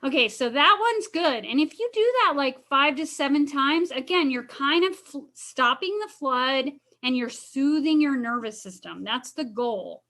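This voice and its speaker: A woman's voice: high voice, animated, unhurried, few pauses, sharp tone. A woman counselor leading a casual wellness lesson over a video call, chatty and encouraging. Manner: chatty, encouraging, uses "kinda" and "like" often.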